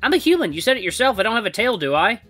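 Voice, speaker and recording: A game streamer voicing the bewildered, flustered castaway hero of a visual novel, with high, excited exclamations. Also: brisk, faint music behind. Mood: earnest.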